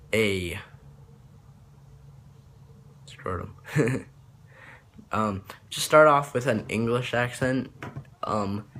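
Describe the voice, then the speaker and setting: A man's voice: medium pitch, a bit bright, a little hiss or hum. A young man talking casually about accents, rambling and hesitant with many fillers and restarts. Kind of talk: casual accent tutorial vlog.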